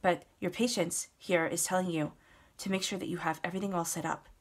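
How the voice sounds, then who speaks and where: A woman with a fairly low voice gives a casual spoken tarot reading. She talks straight to her listener in an earnest way and hammers points home by repeating words. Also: fairly even intonation, a little fast. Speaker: tarot reader.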